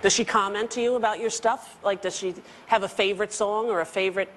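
A woman hosting a television talk show, asking questions conversationally and reacting quickly to her guest. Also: medium pitch, steady tone, a little hiss or hum. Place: television studio.

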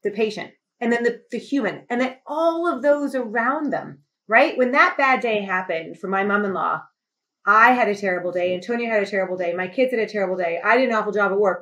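A middle-aged woman telling a personal story as a podcast guest. She speaks with emphatic, animated passion, and her voice rises sharply when she grows indignant. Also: mid-range voice, brisk. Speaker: podcast guest, company CEO. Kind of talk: impassioned conversational storytelling.

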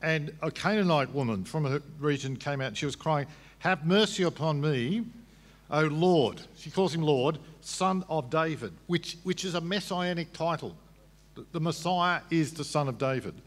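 A man's voice: on the high side, normal speed. A man at a public debate, explaining scripture patiently, with frequent restarts. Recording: long hall reverb.

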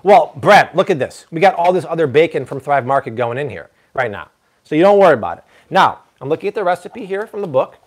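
A man's voice: a little high, fast talker. A man hosting a live cooking stream from a kitchen, chatty and full of jokes. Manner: animated, jokey, chatty. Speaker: cooking show host.

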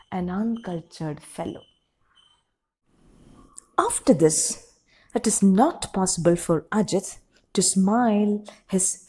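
A woman teacher reading a story aloud and explaining it, in an expressive, dramatic way. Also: mid-range voice, husky. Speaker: English teacher.

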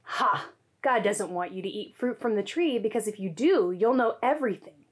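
A woman's voice: mid-range voice, animated, moderate pace, slightly rough. A woman voicing a sly, tricky serpent in a children's Bible story. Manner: sneaky, coaxing.

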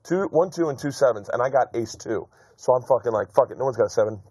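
A middle-aged man, a comedian guest, telling a rambling, excitable story with lots of swearing. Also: mid-range voice, quick pace, husky, no echo. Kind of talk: casual comedy chat.

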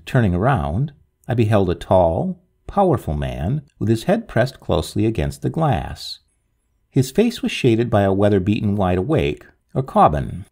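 A man reading a Victorian ghost story aloud with a dramatic, expressive delivery. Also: mid-range voice.

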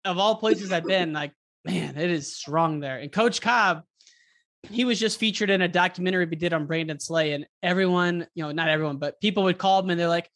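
Podcast host, chatty and excited, drags out words for emphasis. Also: mid-range voice, fairly quick. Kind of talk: casual interview chat.

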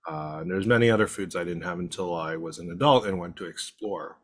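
A man's voice: low-pitched, fairly quick. A young man from Canada co-hosting a podcast, chatting casually and sometimes eating while he talks. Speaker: podcast co-host. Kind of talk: casual chat.

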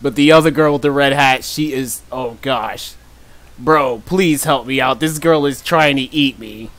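A man's voice: a little slow, fairly bright tone. A young man doing gameplay commentary as a YouTuber, joking and teasing, often breaking into laughter. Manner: laughs often, shrieks high when chased; joking, teasing trash talk. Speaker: gaming YouTuber.

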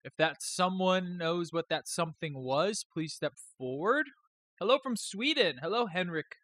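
Bright, forceful man hosting a live stream. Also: sits high, animated, a little slow. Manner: rambling, joking, profane. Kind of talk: casual live-stream chat.

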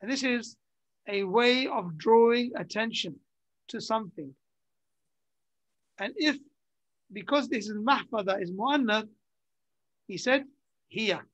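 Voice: mid-range voice, takes it slowly, pauses often, a bit bright, no echo, poor audio. A teacher giving a classroom Arabic grammar lesson in English. The teacher repeats key terms and checks understanding with short questions.

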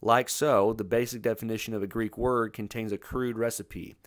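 Low-voiced guy reading a bible study script, steady and methodical, dry close mic. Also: moderate pace, no room sound.

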